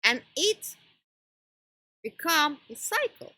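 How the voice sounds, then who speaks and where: Slow, breathy woman teaching in halting phrases. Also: on the high side, big pitch swings, sharp tone, rough recording. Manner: halting, pauses to search for words; non-native English phrasing. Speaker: wellness teacher. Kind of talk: informal teaching talk.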